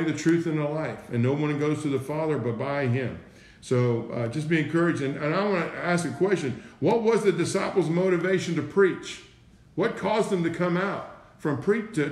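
Guy preaching, kinda high voice, keeps saying right? and listen, lots of echo. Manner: repeats himself, asks rhetorical questions, says "right?" and "listen". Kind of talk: informal sermon. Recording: echoey room.

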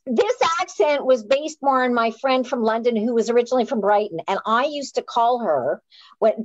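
A Canadian author and playwright tells a story casually on a live chat, animated and self-deprecating, restarting her sentences often. Her voice is a little high, and the dull, dry recording has no room sound.

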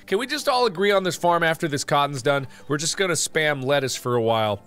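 A man's voice: fairly high pitch, animated, fast talker, fairly bright tone, clear, resonant tone, soft background music. A man streaming a farming game, chatting casually and joking while he talks through his plans. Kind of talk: casual gameplay chat.

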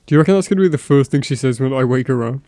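A man's voice: medium pitch, rapid-fire, dark tone, no room sound. A young man casually commenting on his gameplay while streaming, playful and profane.

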